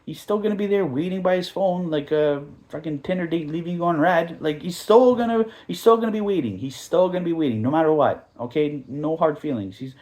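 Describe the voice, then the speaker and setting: Animated man ranting on a soccer podcast. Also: on the high side, a little fast, hardly any pauses. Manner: animated, mocking, rambling with asides and put-on quotes. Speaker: podcast host. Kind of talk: casual soccer podcast rant.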